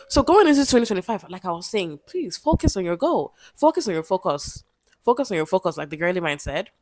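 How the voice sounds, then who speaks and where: A woman's voice: fairly high pitch, a little mellow, no echo. A woman, giving a casual motivational talk to camera, repeating herself with pleading, emphatic encouragement. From Nigeria. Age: 20s. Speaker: vlogger.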